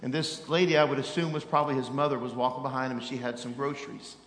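A middle-aged man preaching as an evangelist, telling a story in an animated, self-mocking way that swings from loud exasperation to hushed tones. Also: medium pitch, fast talker. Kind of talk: sermon storytelling. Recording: echoey hall with long reverb.

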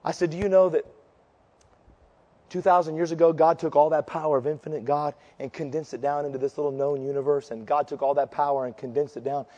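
A male preacher giving an impassioned sermon, moving between fervent declarations and quieter storytelling. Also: a little high, fairly even intonation, fast talker, long reverb tail, dull audio.

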